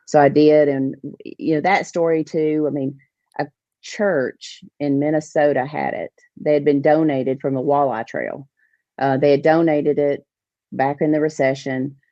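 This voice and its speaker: A woman, a podcast guest telling a lively story about organizing fishing tournaments. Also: low-pitched, unhurried, no echo. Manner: animated storyteller, acts out others' lines. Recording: dull, dry podcast audio.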